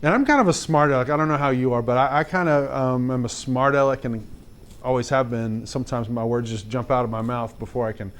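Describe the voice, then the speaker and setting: Man telling a lively story to kids. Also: medium pitch, fairly quick. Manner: animated, chatty storytelling with repeated "like" and direct questions to kids. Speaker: teacher. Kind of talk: storytelling lesson for fifth graders.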